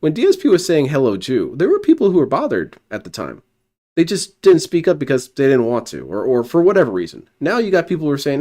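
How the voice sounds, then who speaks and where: A man's voice: fairly high pitch, wildly swooping pitch, fast, dark tone. A man reacting to clips on a stream, talking back at them with sarcastic, mocking commentary.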